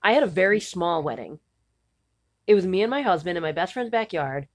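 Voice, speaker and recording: A woman in her thirties co-hosting a casual chat, blunt and cynical, a little hoarse and often clearing her throat. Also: fairly low pitch, expressive, brisk. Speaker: podcast co-host.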